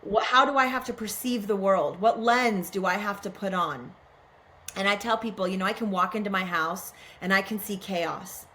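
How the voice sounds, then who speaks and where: Her voice mid-range, bright, and forceful at a normal speed, a middle-aged woman talks as a guest on a podcast about spiritual matters in a reflective way. She muses earnestly and frequently poses questions to herself aloud.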